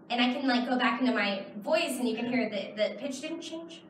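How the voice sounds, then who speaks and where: Chatty texas-raised woman answering fan questions, kinda high voice, heard from way back in the hall. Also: moderate pace, a bit bright, far from the mic, slight background noise. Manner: chatty, explains with many fillers. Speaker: convention panel guest. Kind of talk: audience Q and A. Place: large convention hall. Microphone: far camera in the audience.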